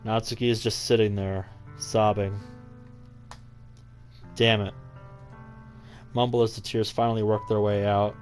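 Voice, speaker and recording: A man's voice: on the low side, flat delivery, a little fast, a little mellow. A young man reading a visual novel aloud as a let's play host, with dry, sarcastic asides. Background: faint game music.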